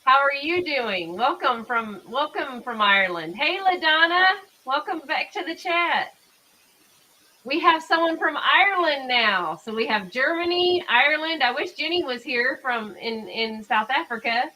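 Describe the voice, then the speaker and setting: A woman's voice: sits high, expressive, measured pace, bright, forceful tone, poor audio. A woman hosting a livestream, chatting casually with her viewers as she comments on a trial. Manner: chatty, talks over the played audio. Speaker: livestream host.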